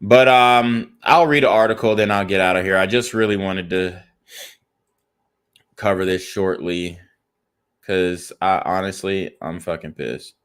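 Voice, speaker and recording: Young guy ranting angry over the news, swears a lot, lowish smooth voice. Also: fairly even intonation, measured pace, fairly bright tone. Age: young adult. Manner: angry, profane, reads viewer comments and news aloud. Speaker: commentary channel host. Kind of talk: political reaction commentary.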